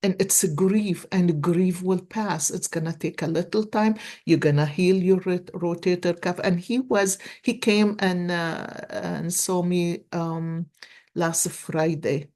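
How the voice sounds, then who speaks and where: This is a woman in her sixties doing a casual card reading for her followers. She talks slowly in a somewhat low voice. Her storytelling is earnest and animated, full of false starts and repeated words. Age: 60s. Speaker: tarot card reader and life coach.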